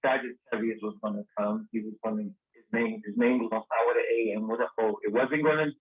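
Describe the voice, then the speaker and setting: A man guest telling a lively story in a casual interview, acting out the dialogue he quotes. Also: on the low side, quick pace, breathy edge. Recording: tinny phone-line sound.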